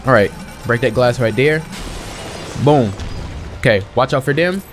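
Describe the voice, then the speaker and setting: A young man in casual let's-play commentary, excitable and slangy, talking to himself and his viewers while he plays, a little sniffly. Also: mid-range voice, a little slow, soft background music. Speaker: gaming channel host.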